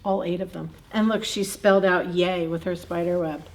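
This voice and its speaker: A woman's voice: fairly low pitch, steady tone, normal speed. A woman librarian reading a picture book aloud at a children's story time, in a playful, chatty way, chuckling and asking the kids questions.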